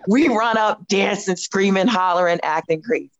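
A woman in her fifties, a podcast guest telling a long story in casual chat, animated and laughing often as she acts out what she said. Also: mid-range voice, normal speed, lo-fi sound, a little hiss or hum.

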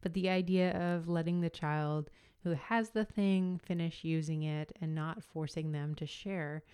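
A woman in her thirties hosting a solo podcast, explaining and comparing ideas in an unhurried way with frequent fillers. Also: low voice, steady tone, a little mellow, clean tone. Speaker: podcast host.

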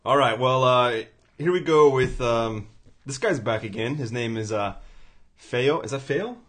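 A man's voice: mid-range voice, expressive, unhurried, a bit bright. A man hosting a podcast in casual, profane, joking chat, laughing often. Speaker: podcast host.

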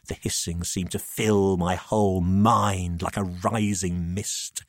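A man narrating a macabre tale in the first person, expressive and dramatic. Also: low voice, slow pace, few pauses, dry recording, clean studio sound. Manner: expressive, rising to frantic shouts in dialogue.

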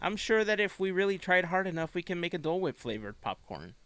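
A man hosting a casual podcast chat, relaxed and chatty, often laughing. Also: high-pitched, quick pace, clear, resonant tone, dry recording. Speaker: podcast host.

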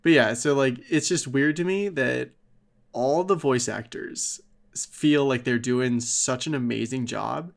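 A man's voice: medium pitch, unhurried, vocal fry. A man co-hosting a podcast, chatting casually in a rambling way with lots of fillers and swearing. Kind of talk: casual chat.

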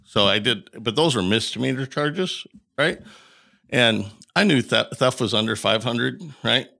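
A middle-aged man from Colorado, a podcast guest, telling a long personal story in an animated way and acting out the dialogue. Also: mid-range voice, unhurried, gravelly. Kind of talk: storytelling in an interview.

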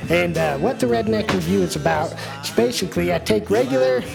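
Halting guy hosting his own show, super gravelly, high-ish voice, music playing behind. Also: lively intonation. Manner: halting, self-deprecating, filler-heavy. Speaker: host. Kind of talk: show intro.

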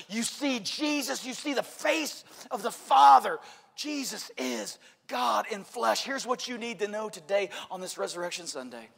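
High-voiced preaching man, gravelly. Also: unhurried. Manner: passionate preaching with shouted emphasis. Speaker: pastor. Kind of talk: Easter sermon. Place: church sanctuary. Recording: long reverb of a church hall.

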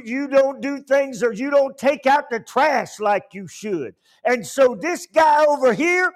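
A male pastor preaching a sermon in a church, swinging between loud bursts and quiet asides. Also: very high-pitched.

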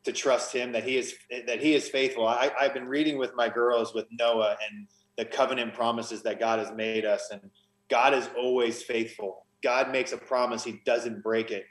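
Speaking as a podcast guest, a man with a mid-range voice tells his story earnestly and with emotion, frequently restarting phrases in this conversational testimony. His delivery is flat and his pace normal, and a noticeable room echo colors the recording.

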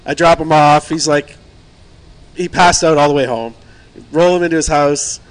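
A man's voice: fairly high pitch, fairly even intonation, normal speed. A man telling a long story among friends in casual chat, acting out the quotes, laughing often and swearing freely.

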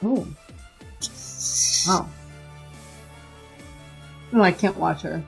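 A woman's voice: lowish voice, extremely slow, gravelly, faint music behind. A woman co-hosting a podcast, reacting expressively and giggling during a movie watch-along. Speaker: podcast co-host. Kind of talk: casual watch-along banter.

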